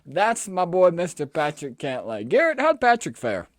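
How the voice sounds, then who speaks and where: A young man co-hosting a casual golf podcast, rattling off scorecard recaps in a brisk, slangy way. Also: on the high side, huge pitch swings, dry recording, clean studio sound. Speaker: sports podcast co-host. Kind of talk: casual sports chat.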